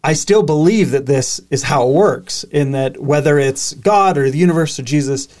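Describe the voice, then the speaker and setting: A man's voice: on the high side, moderate pace, a little mellow. Earnest reflective male host. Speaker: podcast host. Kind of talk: casual conversation.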